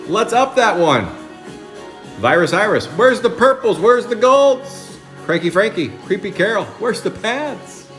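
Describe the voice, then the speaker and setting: Excitable man hosting a card break. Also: high-pitched, unhurried, soft background music. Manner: chatty, excitable, calls out card names. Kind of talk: live card break chat.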